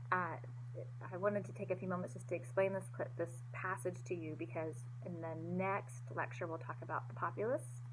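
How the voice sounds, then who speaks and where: A woman's voice: fairly low pitch, noisy background. A woman teacher giving a recorded online history lecture, casual and rambling with many fillers, into a computer mic.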